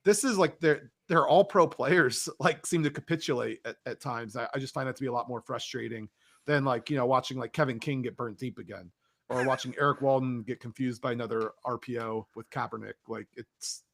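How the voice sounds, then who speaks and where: Steady man analyzing football. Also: medium pitch, fairly quick, gravelly. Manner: steady, analytical, rambling fan commentary. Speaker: podcast co-host. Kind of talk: casual chat.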